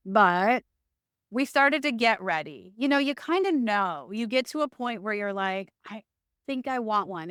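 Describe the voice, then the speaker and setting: A middle-aged woman telling a long story as an interview guest, chatty and animated. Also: medium pitch, smooth, no room sound, clean studio sound. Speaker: podcast guest.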